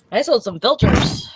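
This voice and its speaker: A woman's voice: a little high, a little mellow, slightly rough. A woman chatting casually in an online hangout, teasing and laughing often. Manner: giggly, teasing. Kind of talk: casual chat.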